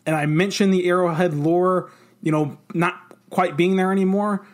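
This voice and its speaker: Excited male football podcast co-host, slightly higher voice, rapid rambling delivery. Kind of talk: casual sports talk.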